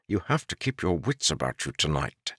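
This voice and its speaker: A wry court jester who mocks everyone with dry, knowing banter, as a man reading an audiobook puts him on. The voice sits low but swings widely in pitch. The recording is close and dry, with no room sound. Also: big pitch swings, moderate pace, fairly bright tone, dry recording, full character voice. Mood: teasing. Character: wry male court jester, mocking and worldly.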